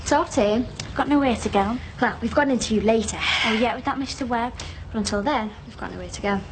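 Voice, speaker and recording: An actress playing a naive, soft-hearted young woman who is earnest and literal-minded and keeps interrupting, in a TV soap drama. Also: a little high, fast talker, background noise, lightly acted. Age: young adult.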